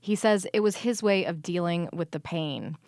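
A woman reporter giving scripted news narration in a measured, even delivery. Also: on the low side, no room sound, studio quality.

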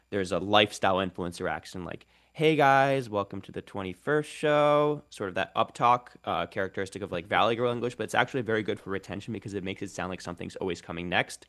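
An articulate male linguist answers questions as a radio guest, laying out his ideas step by step. His voice sits a little low and has a gravelly, creaky edge. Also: fairly bright tone. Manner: articulate, explanatory. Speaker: guest linguist and content creator. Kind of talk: radio interview.

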